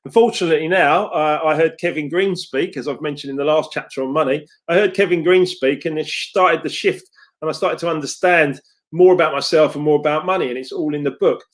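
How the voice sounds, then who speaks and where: A middle-aged success coach gives a casual live talk to his followers, telling stories with quotes in a chatty, upbeat manner. His voice is a little high and his pace fairly quick.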